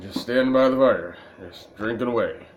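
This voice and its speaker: A man's voice: mid-range voice, moderate pace, muffled recording, a little hiss or hum. A man casually commenting while playing a video game, a little tipsy, rambling and joking at his own expense. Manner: rambling, self-mocking, laughs at his own jokes. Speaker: gaming video creator. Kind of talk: let's-play commentary.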